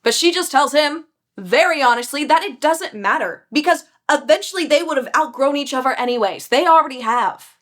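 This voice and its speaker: Young woman, high-pitched, casual and lively book recapper. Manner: chatty, animated retelling with quick character voices. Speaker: book reviewer.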